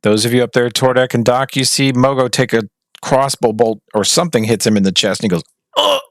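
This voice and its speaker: A man's voice: medium pitch, steady tone, fast talker, no echo, studio quality. A man narrating a tabletop game as game master, describing scenes and briefly voicing characters. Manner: describes scenes and puts on short shouts for characters.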